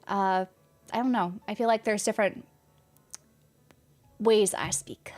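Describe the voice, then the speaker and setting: A woman's voice: medium pitch, steady tone, unhurried, darkish tone, soft background music. A young woman from California with a light Californian accent, chatting casually on a game stream and answering chat with a rambling, laughing manner.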